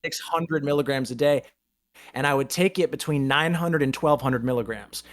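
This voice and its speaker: A man's voice: on the high side, moderate pace. A man hosting a podcast, telling long, profane anecdotes in casual chat. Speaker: podcast host. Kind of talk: casual storytelling.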